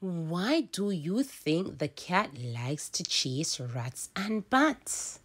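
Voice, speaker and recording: A woman's voice: fairly low pitch, very animated, drawn-out words, breathy edge. A woman with a Jamaican accent teaching a children's phonics lesson, sounding out letters and words in a sing-song way.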